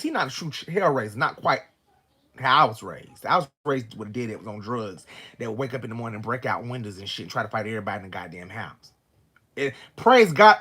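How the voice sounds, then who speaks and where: Man, casual storytelling, animated and profane, wide swings in pitch, husky voice. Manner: animated, profane, acts out both sides of an argument. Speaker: vlogger telling a personal story.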